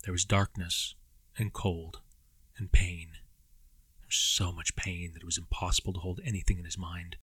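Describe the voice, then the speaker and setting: Deep-voiced man narrating an audiobook. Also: level tone, a bit bright, slightly rough, dry recording. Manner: measured, somber.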